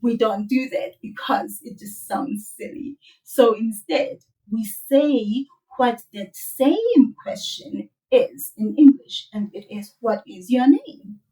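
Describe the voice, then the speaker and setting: A woman teaching a children's language lesson, modeling words slowly and playfully with laughs. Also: on the high side, warm tone, distant mic, rough recording. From South Africa.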